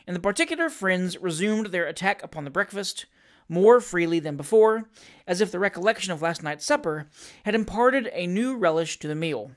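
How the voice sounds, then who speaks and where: A reader narrating a classic novel aloud in a measured, steady manner. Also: medium pitch. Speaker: audiobook reader.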